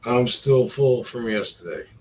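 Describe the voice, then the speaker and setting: A man's voice: medium pitch, animated, a little slow, a little mellow, rough recording. A middle-aged man rambling in a casual vlog, wry and self-deprecating, trailing off between thoughts. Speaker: vlogger.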